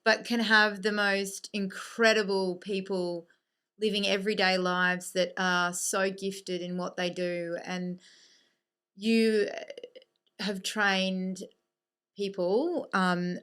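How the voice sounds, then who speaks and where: A woman's voice: medium pitch, fairly bright tone, clear, resonant tone. A woman with an Australian accent hosting a podcast, encouraging her guest to tell her story. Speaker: podcast host. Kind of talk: casual interview chat.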